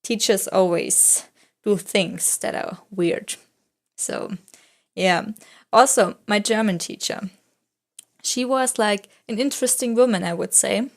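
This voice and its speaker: A woman's voice: medium pitch, takes it slowly, vocal fry. Rambling young woman vlogger. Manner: rambling storytelling, full of "like" fillers; non-native English speaker. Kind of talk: casual chatty voice-over.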